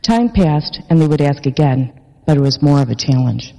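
A woman parishioner reading her personal faith testimony in an earnest, measured way in a church. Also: low-pitched, lively intonation, vocal fry, warm tone. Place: large church worship space. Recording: long church reverb.

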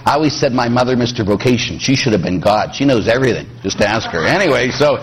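A man's voice: mid-range voice, fast talker, breathy edge. A middle-aged man from Pittsburgh, a priest preaching a sermon with jokes, acting out quoted voices. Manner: animated, joking, acts out quoted voices.

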